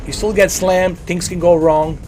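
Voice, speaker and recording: A man's voice: sits high, steady tone, moderate pace, a little mellow, faint music behind. A man in his forties chatting casually on a gaming livestream, rambling, repeating himself and giving earnest opinions. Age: 40s. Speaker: livestream gamer.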